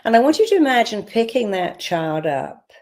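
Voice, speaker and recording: A woman therapist leading a guided visualization with slow, soothing, repetitive instructions at an online event. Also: a little high, very animated, a little mellow. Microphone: online event audio.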